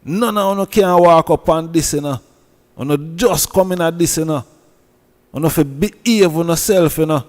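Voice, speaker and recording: An online commentator with a Jamaican accent and a slightly high voice speaks at a moderate pace in a large hall. He scolds and preaches through a heated commentary rant, repeating himself.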